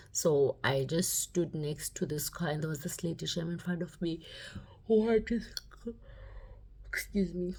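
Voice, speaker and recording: Low-voiced woman telling a story. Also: husky. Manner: animated, acts out the dialogue, many "like"s. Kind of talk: casual storytelling.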